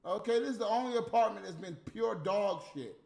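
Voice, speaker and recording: A man's voice: high-pitched, animated, fairly quick, vocal fry, a little mellow. A man on a casual, profane rant, heatedly mocking people who are not there while smoking a cigarette. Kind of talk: casual ranting monologue. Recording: echoey room with faint music.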